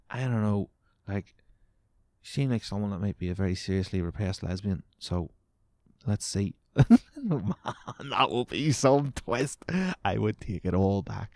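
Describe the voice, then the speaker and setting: Sweary sarcastic man, gravelly and low. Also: warm tone, no echo. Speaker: podcast host. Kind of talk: reading aloud and ranting commentary.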